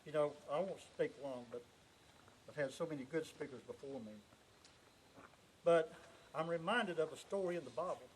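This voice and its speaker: A man from Alabama delivers an earnest, emotional speech outdoors at a cemetery, his voice sitting a little high. Steady background noise from the open air runs under the camcorder recording. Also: normal speed, pauses often, rough recording. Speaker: speaker at a marker dedication.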